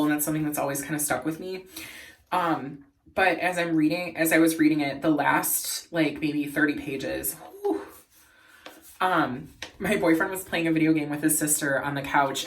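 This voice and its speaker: A man vlogging in a casual, earnest and emotional way, laughing softly as he talks. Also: a little high, fairly even intonation, normal speed, distant mic, a little hiss or hum. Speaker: beauty and lifestyle vlogger. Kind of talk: casual chat.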